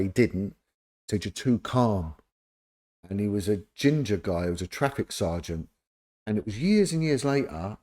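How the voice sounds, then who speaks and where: Middle-aged man, fairly low voice, animated storytelling, acts out quotes. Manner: animated anecdote-telling, acts out quoted dialogue. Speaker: interview guest, former police officer. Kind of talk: casual storytelling.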